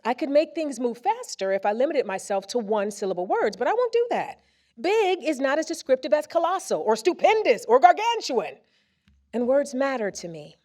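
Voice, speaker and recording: A woman presenter reading a first-person story aloud on a theater stage into a microphone, with expressive comic timing. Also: high-pitched, normal speed. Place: theater stage before a live audience.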